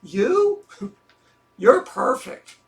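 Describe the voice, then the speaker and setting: A man's voice: sits high, unhurried, a bit bright. An actor in an audio drama playing a self-deprecating man who talks with dry, wry sarcasm. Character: self-deprecating sarcastic middle-aged man, troubled lover.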